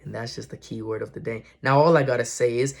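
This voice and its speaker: A man's voice: mid-range voice, fairly even intonation, quick pace, gravelly. A young man vlogging casual spiritual encouragement, earnest and slangy, often repeating and correcting himself. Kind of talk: casual motivational talk to camera.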